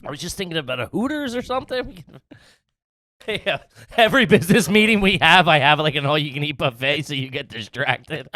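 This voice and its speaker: Lively, teasing man, dry close sound. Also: on the high side, a little fast, no echo. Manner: profane, teasing, laughs often. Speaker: podcast host. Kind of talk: casual comedy chat.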